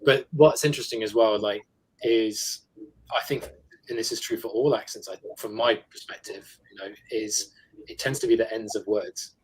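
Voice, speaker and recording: A British man with a British English accent, a guest actor chatting in a relaxed way. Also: on the low side, normal speed, breathy edge, poor audio. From England. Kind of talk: casual roundtable chat.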